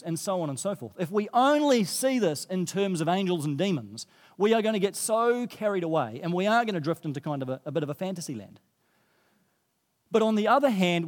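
A man preaching a sermon in an earnest, emphatic way, building points through repetition and lists. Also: sits high. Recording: long hall reverb.

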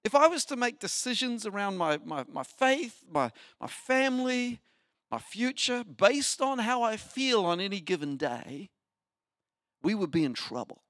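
A man preaching a sermon as pastor, animated, asking the listeners rhetorical questions. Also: high-pitched, unhurried, no echo, clean studio sound. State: short on sleep.

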